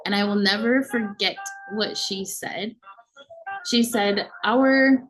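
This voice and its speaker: A woman's voice: mid-range voice, fairly even intonation, slow pace, soft background music, rough recording. A woman in her thirties sharing a heartfelt personal faith testimony, earnest and emotional. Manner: earnest and emotional, with soft laughs. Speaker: faith vlogger.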